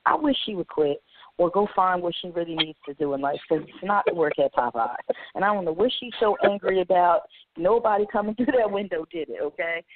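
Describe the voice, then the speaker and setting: A woman's voice: fairly low pitch, background noise. A woman on a radio panel telling a story in a chatty, amused way. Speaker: roundtable panelist. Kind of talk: casual radio panel chat. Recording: dry, tinny phone-line sound.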